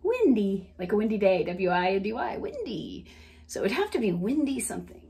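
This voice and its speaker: A woman's voice: mid-range voice, expressive, quick pace, a little mellow. A woman with a Southern American accent leading a playful laughter session, breaking into laughter often. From Southern United States. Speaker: laughter practice leader.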